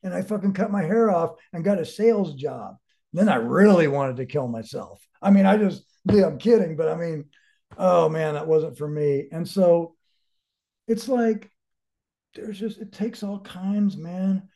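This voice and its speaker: This man's voice sits on the high side, warm in tone and measured in pace. He's an interview guest telling his own story in a candid, casual way, blunt and rambling, swearing plenty and reflecting as he searches for meaning.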